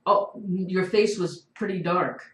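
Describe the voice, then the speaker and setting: A woman hosting a live online show, calm and reassuring with her guest. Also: on the low side, slow, roomy sound, rough recording. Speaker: show host.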